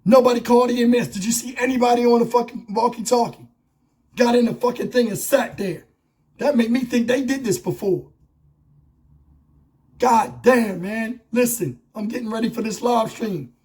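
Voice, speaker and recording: Man, high-pitched, hoarse and husky, blunt angry rant, vlog commentary. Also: moderate pace, a little mellow. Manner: blunt, profane, impassioned ranting. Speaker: YouTube commentator. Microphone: wireless lavalier.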